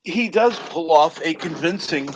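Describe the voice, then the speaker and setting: An American man in a casual live-stream chat, talking in a measured way and pausing to find his words. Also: fairly high pitch, expressive, slight background noise.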